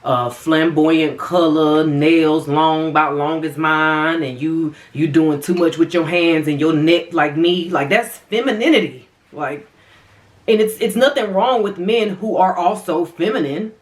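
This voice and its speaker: A woman's voice: deep voice, a little slow, roomy sound. A woman vlogger chatting casually to viewers while eating, calling them y'all, her voice swinging up and down. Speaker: mukbang vlogger.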